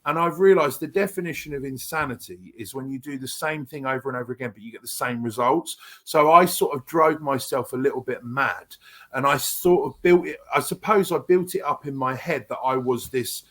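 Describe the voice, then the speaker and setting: A man talking as a podcast guest, spinning his stories with lots of restarts and tangents. His voice sits at an ordinary middle pitch and carries on in a casual, rambling flow. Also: a little fast. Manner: animated storyteller, rambling with restarts. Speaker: actor guest. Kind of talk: casual interview chat.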